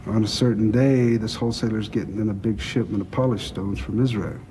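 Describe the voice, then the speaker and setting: An actor playing a gruff old crime boss. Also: male voice, fairly low pitch, fairly even intonation, a little fast, dark tone, a little hiss or hum, lightly acted. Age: older. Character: gruff older male crime boss, blunt and profane. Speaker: crime boss planning a heist. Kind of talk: film dialogue.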